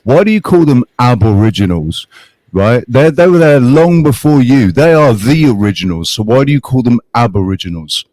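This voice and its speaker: A man's voice: medium pitch, animated, moderate pace, a little mellow, dry recording, poor audio. Mocking man trading insults on a stream. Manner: mocking, scornful, swearing. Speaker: livestream panelist. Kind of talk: heated livestream argument.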